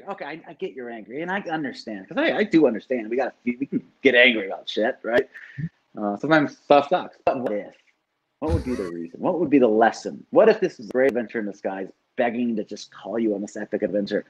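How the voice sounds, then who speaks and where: A man's voice: mid-range voice, expressive, fast, slightly rough, lo-fi sound. A man who works as a life coach, talking casually and animatedly, swearing now and then and often asking "right?". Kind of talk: casual podcast conversation.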